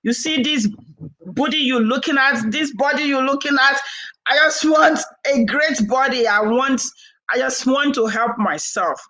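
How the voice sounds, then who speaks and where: A woman in her forties talks casually to her camera, bright and forceful in tone. She tells her stories animatedly and slips into voices for the people she quotes. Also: high voice, measured pace, poor audio. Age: 40s. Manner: animated, laughing, acts out quoted dialogue. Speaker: vlogger and herbal seller.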